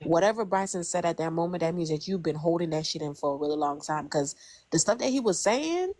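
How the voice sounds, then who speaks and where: A woman with a low voice talks hotly and swears, stressing her points hard. She sounds fed up and firm. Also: animated, brisk, a little mellow. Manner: heated, profane, emphatic. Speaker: livestream panelist. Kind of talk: casual chat.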